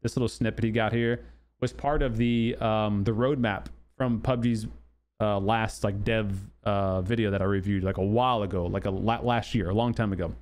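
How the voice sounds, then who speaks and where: A man's voice: fairly low pitch, steady tone, normal speed, darkish tone. A man hosting a gaming channel, talking loosely through game news with many fillers and restarts. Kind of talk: casual commentary on game news.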